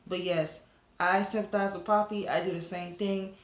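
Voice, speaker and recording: A woman's voice: on the low side, fairly even intonation, normal speed, reverberant. A woman reviewing a webcomic episode to camera in a casual, rambling chat full of fillers and asides to her viewers.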